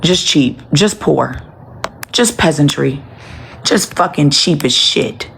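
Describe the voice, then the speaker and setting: A woman's voice: low voice, lively intonation, takes it slowly, vocal fry, a bit bright, slight background noise. A woman livestreaming casually from home on her phone, blunt and profane, breaking off to talk to her dogs. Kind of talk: casual live chat with viewers.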